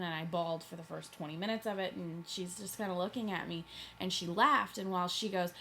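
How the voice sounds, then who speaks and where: A woman who works as a teacher co-reviews a movie in casual chat, emphatic and animated as she tells stories. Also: on the low side, quick pace, slight background noise.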